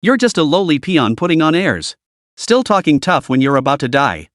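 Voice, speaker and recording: A thuggish security captain who taunts and sneers at his target, as a male narrator puts him on. The pitch sits a bit high, with a dry, close sound. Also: very animated, moderate pace, fairly bright tone, no echo. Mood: mocking.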